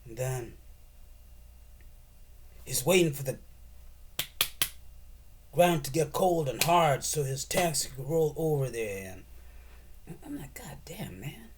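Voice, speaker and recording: A man's voice: medium pitch, expressive, slow, pauses often, a little hiss or hum. A man giving a profane, sarcastic and rambling political rant as a commentator.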